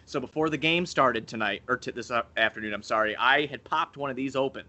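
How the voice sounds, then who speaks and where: Brief: giggly, profane male podcast co-host, slightly drunk, sharp bright tone. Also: medium pitch, fast. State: tipsy. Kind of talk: casual sports podcast chat.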